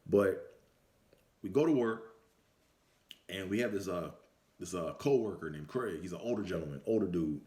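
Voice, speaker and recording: A man's voice: sits low, expressive, moderate pace, long pauses, dark tone. A man vlogging in a casual storytelling style, laid-back and slangy, swearing freely as he talks to the camera. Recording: roomy echo.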